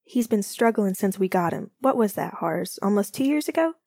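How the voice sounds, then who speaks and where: A woman voicing an excitable young man, showing off a plant on a livestream with big playful gestures. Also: mid-range voice, moderate pace, no echo. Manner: animated, playful, over-the-top enthusiasm. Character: young man, hockey player, proud plant lover.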